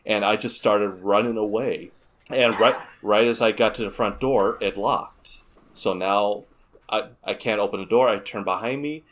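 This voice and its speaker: A man's voice: fairly low pitch, moderate pace. A man who is a guest on a gaming podcast, telling a long story and often restarting his sentences. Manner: rambling storyteller with many restarts. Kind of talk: casual gaming podcast chat.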